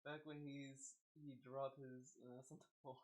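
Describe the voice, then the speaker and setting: A man streaming live and reacting to videos, talking in an excitable, stammering way. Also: mid-range voice, a little slow. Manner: animated, excitable, stammering repeats.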